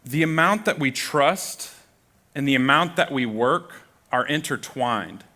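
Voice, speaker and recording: Bright-voiced young man preaching. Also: medium pitch, lively intonation, a little slow. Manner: self-deprecating, humorous storytelling. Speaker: guest preacher. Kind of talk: sermon with a personal story. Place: church auditorium.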